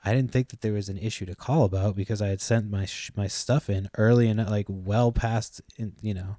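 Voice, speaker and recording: This young male podcast host has a low, mellow voice with fairly even intonation, speaking at normal speed with few pauses. He rambles through a long story, swearing freely and trailing off with "like" and "blah, blah." The studio recording is clean with no echo.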